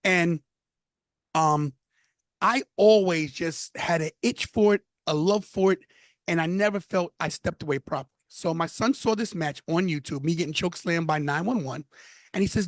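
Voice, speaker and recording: Recorded dry, this former wrestler in his fifties speaks at normal speed in a voice on the high side, with a Brooklyn New York accent. As a podcast guest in a casual interview, he tells stories with animated emphasis and repeated phrases.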